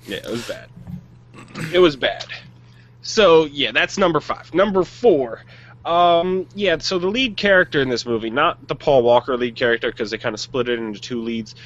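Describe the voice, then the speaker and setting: A man's voice: a little high, moderate pace. Opinionated man rambling in lo-fi sound. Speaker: podcast co-host. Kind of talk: casual chat.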